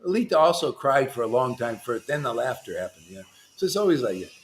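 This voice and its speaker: A man leading an online devotional class, talking in an animated, impassioned way that swings between loud urging and soft asides. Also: medium pitch, fast. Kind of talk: impassioned casual teaching.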